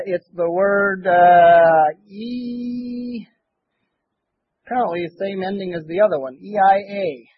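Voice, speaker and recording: A man's voice: sits high, phone-quality sound, a little hiss or hum. A man preaching a rambling, folksy sermon full of restarts. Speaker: pastor.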